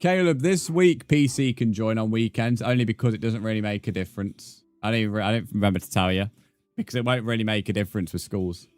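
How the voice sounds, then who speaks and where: A man's voice: on the low side, fast talker, no echo, studio quality, soft background music. A man, chatting casually with viewers while streaming a game and answering their comments. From England. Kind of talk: casual live-stream chat.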